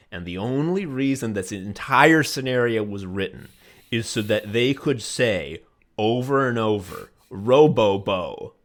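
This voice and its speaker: A man's voice: lowish voice, fairly bright tone. A man co-hosting a casual comedy podcast, ranting and swearing with mock voices, laughing often as he talks. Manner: laughs often while talking. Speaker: podcast co-host.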